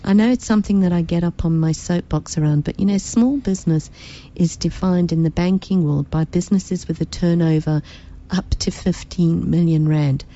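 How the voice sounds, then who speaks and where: Mellow low-voiced radio host. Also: female voice, moderate pace, muffled recording. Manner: encouraging, direct, addresses listeners. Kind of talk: radio talk show chat.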